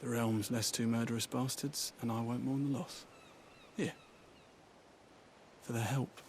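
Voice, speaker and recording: An actor playing a weary, cynical man who buries the dead, speaking in a calm, dry, sardonic way. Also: medium pitch, measured pace, a little hiss or hum, close to an everyday voice. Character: weary cynical male gravedigger in service.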